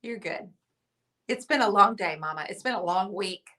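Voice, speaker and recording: A woman's voice: mid-range voice, lively intonation, moderate pace, sharp tone. A woman hosting a casual livestream, chatty and teasing as she reads viewer comments aloud. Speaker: livestream host.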